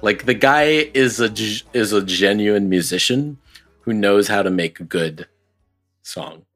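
A man co-hosting a casual sports podcast, chatting easily and laughing along as he talks. His voice sits fairly low and stays relaxed and conversational. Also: unhurried, faint music behind. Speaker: podcast co-host.

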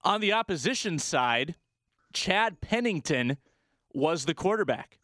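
A man with a hoarse, raspy voice hosting a sports talk show and quizzing his guest in an upbeat way. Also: a little high, lively intonation, a little slow, fairly bright tone, no echo, studio quality. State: hoarse from yelling. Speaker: sports podcast host. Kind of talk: casual sports talk and quiz.

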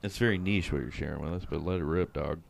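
A podcast co-host with a low, gravelly voice talks baseball at a quick pace. His casual sports chat is crude and jokey, with plenty of swearing.

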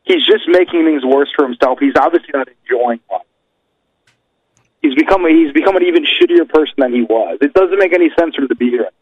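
A man co-hosts a podcast with blunt, profane opinions. His pitch swings widely and sits a bit high. The recording is dry and slightly dull. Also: lively intonation, a little fast, slightly rough, dry recording. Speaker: podcast co-host. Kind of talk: casual chat.

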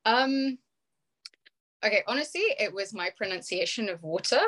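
A woman's voice: mid-range voice, moderate pace, a bit bright. A woman with a British accent in casual chat on a video call, chatty, laughing often, with many fillers. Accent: British English. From United Kingdom.

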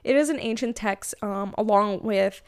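A woman hosting a casual spiritual podcast, chatty and animated, often laughing as she tells stories. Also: mid-range voice, normal speed, clean tone. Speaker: podcast host.

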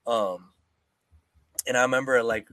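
A man's voice: medium pitch, fairly even intonation, unhurried, a bit bright, dry recording. A young man co-hosting a podcast, rambling and joking, swearing freely and mimicking people in casual chat. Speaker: podcast co-host.

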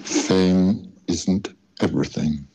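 A woman putting on a deep, gravelly, mock-grave man's voice with a husky, dark tone. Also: takes it slowly, heavily acted. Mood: mock-solemn.

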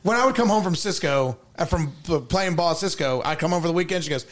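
A man co-hosting a casual podcast, telling family stories with lots of laughter and swearing, acting out his own shouts. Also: fairly high pitch, quick pace, hardly any pauses. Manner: animated storyteller, laughs often, acts out shouting at his mom; swears freely. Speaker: podcast co-host. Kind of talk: casual chat.

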